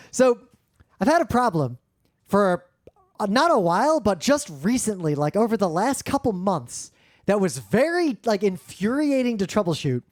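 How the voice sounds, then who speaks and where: Blunt, swearing podcast co-host with a dry sound. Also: male voice, sits high, sing-song, normal speed, no room sound. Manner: blunt, swears, explains technical detail. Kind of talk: casual tech podcast chat. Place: home studio, remote recording session. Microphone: professional studio microphone.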